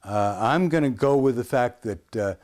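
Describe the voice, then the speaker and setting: A man's voice: medium pitch, animated, moderate pace, darkish tone. A man in his sixties from the United States, telling a rambling story as an interview guest, with frequent hesitations and restarts.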